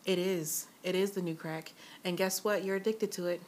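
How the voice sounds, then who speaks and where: A woman guesting on a podcast in casual chat, animated and profane, laughing loudly. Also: on the low side, moderate pace, slight background noise.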